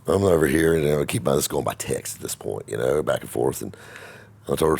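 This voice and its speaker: A man's voice: extremely low pitch, a little fast, gravelly, a little mellow, husky. A middle-aged man telling a rambling, folksy, self-mocking story to camera as the host of his own show.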